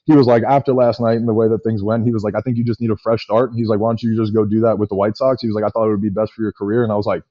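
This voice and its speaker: Man, 30s, lower voice, quick animated storytelling, lots of "like" and "you know", dry room. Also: no room sound. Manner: rapid, animated storyteller with many fillers. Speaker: podcast guest, former pitcher. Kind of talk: casual storytelling chat. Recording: dull lo-fi podcast audio.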